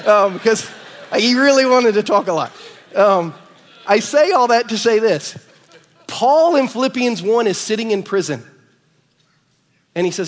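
A middle-aged man with an American accent, preaching a sermon and telling family stories in an animated way, acting out the dialogue. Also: high voice, fairly quick. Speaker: pastor. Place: church sanctuary. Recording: reverberant church hall.

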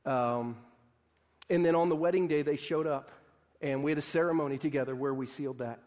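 A man's voice: a little high, brisk, a little mellow, long reverb tail. A man preaching a sermon in a casual, conversational way, often saying "like" and acting out quoted voices. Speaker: pastor.

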